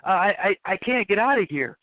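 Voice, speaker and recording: A man's voice: sits high, lively intonation, brisk, no echo, voice pushed up. A man putting on a panicked young driver who stammers and sounds flustered, recorded dull and dry. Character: panicked young man, first-time car owner.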